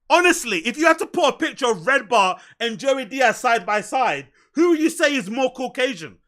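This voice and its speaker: A man streaming a loud, profane, mocking rant in reaction to clips, often shouting. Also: very high-pitched, very animated, moderate pace, hardly any pauses. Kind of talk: ranting reaction commentary.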